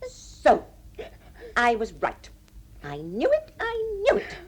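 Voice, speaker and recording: A suspicious, meddling sister-in-law in an old radio play. Her fairly high voice swings very widely between high and low. Her haughty tone keeps butting into the couple's affairs. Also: huge pitch swings, slow pace, husky, exaggerated voice. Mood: accusing. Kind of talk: 1960s radio drama acting.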